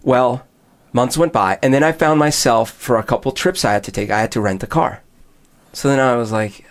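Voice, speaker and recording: A man's voice: mid-range voice, normal speed. A man in casual conversation, telling a long story and acting out both sides of the dialogue. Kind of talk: casual chat.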